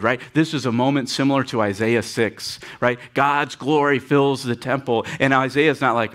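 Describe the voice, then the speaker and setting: A male pastor preaching a sermon, animated and dramatic, with sudden rises in pitch and audible sighs, leading his congregation in reading scripture aloud. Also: moderate pace.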